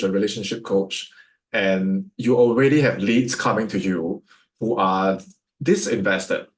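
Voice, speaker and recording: A man with a Singaporean English accent teaches sales, firing question after question at his audience. His voice sits at an ordinary pitch for a man. The sound bounces around an echoey room. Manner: rhetorical, fires off questions at listeners. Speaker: sales coach.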